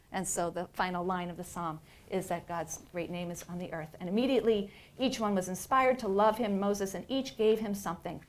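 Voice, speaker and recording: A middle-aged woman professor giving a lecture. She talks in an animated, playful way and checks in with "right?" as she goes. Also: medium pitch, brisk, hardly any pauses. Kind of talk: lecture on religious texts.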